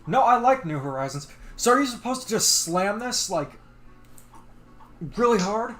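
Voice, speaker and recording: A man's voice: sits high, sing-song, normal speed, fairly bright tone. A man hosting a gaming livestream, chatting casually and laughing as he plays and comments.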